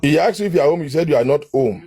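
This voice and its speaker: Man, Nigerian accent, insistent, slightly high voice, husky, reads messages aloud. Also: expressive, very fast, warm tone. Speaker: panelist in a live online debate. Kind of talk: heated live audio chat.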